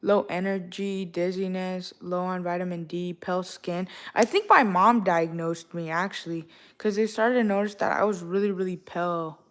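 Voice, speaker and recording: A woman's voice: on the low side, fairly even intonation, moderate pace, hardly any pauses. Young woman ranting casually to her chat. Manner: ranting, slang-heavy, exasperated. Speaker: livestreamer talking to chat.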